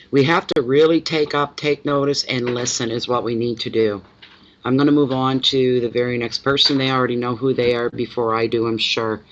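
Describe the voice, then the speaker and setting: A woman's voice: extremely low pitch, dull audio, a little hiss or hum. A middle-aged woman reading tarot live from home, chatty and rambling as she talks to viewers. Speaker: tarot reader. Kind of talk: casual live reading chat. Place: home at night.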